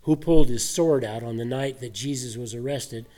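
A man preaching a sermon, animated and full of rhetorical questions and scoffing laughs. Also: medium pitch, moderate pace. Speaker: pastor.

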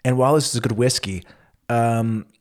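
A man co-hosting a laid-back podcast, talking in a loose, rambling way. He often restarts and repeats words mid-thought. His voice sits at an ordinary middle pitch. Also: moderate pace, a little mellow. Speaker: podcast co-host. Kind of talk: casual chat.

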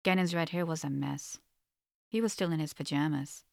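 A woman narrating a story in an audiobook, with a steady, measured reading. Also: deep voice, vocal fry, no echo, clean studio sound.

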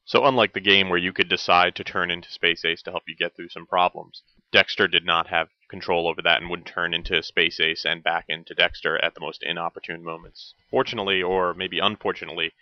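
Deep-voiced man with wry asides. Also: steady tone, fairly quick, hardly any pauses, no room sound, lo-fi sound. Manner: wry, with dry joking asides. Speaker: host. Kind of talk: scripted retro cartoon review narration.

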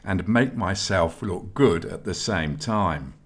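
A man's voice: sits low, animated, slow, husky, heavily acted. A man reading aloud and voicing a sly, mocking young male squire in a storybook. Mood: smug.

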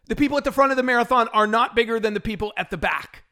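A middle-aged man hosting a solo fitness podcast, talking in an animated, exasperated rant with frequent laughs. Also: extremely high pitch, very fast. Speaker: podcast host and fitness trainer.

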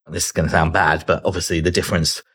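A middle-aged man talks in a relaxed podcast chat with a deep, husky voice. He laughs easily and slips into little acted-out snippets of remembered dialogue. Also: racing. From Britain. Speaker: guest. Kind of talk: casual podcast conversation.

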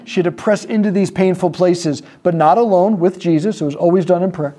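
Slight background noise accompanies a man with a high-pitched, warm voice as he gives a sermon-style teaching on prayer ministry to a live group. Storytelling as he goes, he acts out the characters' voices and lets his pauses land.

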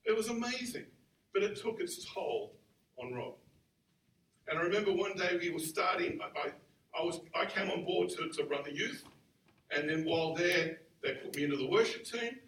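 A pastor in his forties tells a personal story from the pulpit in an easy, animated, self-deprecating way. His voice sits a little high and carries through a reverberant hall from a distant mic, with a faint hiss of room noise beneath. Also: normal speed. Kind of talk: storytelling sermon.

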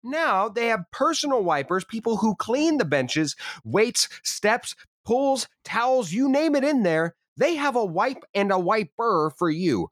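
A man's voice: high voice, sing-song, a little slow, hardly any pauses, a bit bright, no echo, studio quality. A man co-hosting a podcast, riffing in a rambling, jokey way with mock-grand declarations. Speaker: podcast co-host. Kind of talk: casual comedic podcast chat.

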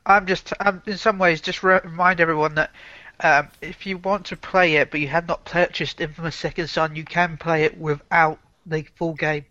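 Stammering man with a bright flat voice. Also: a little high, moderate pace, no echo. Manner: stammers, repeats words. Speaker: podcast co-host. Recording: dull, dry lo-fi audio.

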